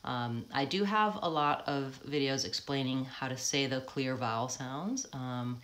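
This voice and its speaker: Very low-voiced American woman teaching. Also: a bit bright. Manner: explains patiently, models words slowly, many ums. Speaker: accent coach. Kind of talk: live pronunciation lesson.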